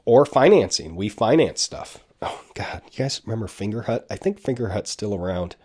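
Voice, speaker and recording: This is a man in his fifties with a very low, deep voice who tells a personal story casually. He rambles and makes fun of himself, and his asides drift off before he comes back to the point. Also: lively intonation, fairly quick, mellow, breathy edge. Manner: rambling, self-deprecating storyteller with frequent asides. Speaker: podcast host.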